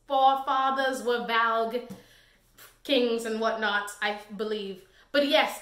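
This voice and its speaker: A young woman reviewing a book in a casual, sassy, exasperated rant. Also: high-pitched. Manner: animated, sassy and exasperated, slips into quoted voices. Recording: echoey room.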